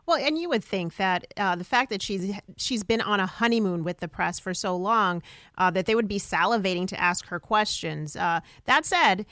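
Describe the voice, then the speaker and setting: A woman with a mid-range voice co-hosts a talk radio show and asks a guest questions in a measured way. Her close studio mic sounds completely dry. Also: mid-range voice, expressive, fairly bright tone, no room sound. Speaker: radio co-host.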